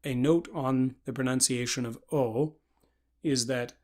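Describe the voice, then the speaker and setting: A man giving a pronunciation lesson, deliberately spelling out sounds one by one with example words. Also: mid-range voice, fairly even intonation, a little mellow. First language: English. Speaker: pronunciation instructor.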